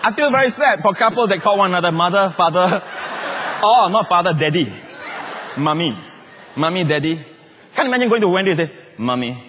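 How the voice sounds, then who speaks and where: A middle-aged man preaching a lively, humorous sermon as a pastor. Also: high-pitched, fairly quick, pauses often, in a large hall, background noise. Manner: animated, humorous preaching with laughter.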